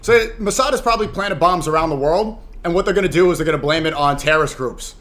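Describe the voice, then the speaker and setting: Rambling young streamer man, slightly high voice. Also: quick pace, fairly bright tone. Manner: rambling, talks to chat. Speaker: streamer reacting to clips. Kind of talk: casual live-stream reaction.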